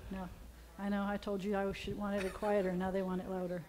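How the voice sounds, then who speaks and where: A woman's voice: medium pitch, little pitch movement, fairly quick, darkish tone. A woman rabbi, chatting playfully as she teaches Hebrew letters at a service. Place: synagogue sanctuary.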